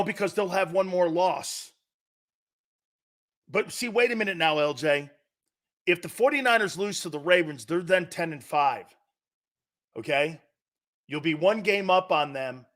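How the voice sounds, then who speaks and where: A middle-aged male sports talk host with a bright, forceful voice that sits a little high for a man. He rants fired-up and profane, hammering points by repetition, jumping from loud outbursts to low, intense asides. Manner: fired-up, preachy, repeats for emphasis. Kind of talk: opinionated sports talk rant.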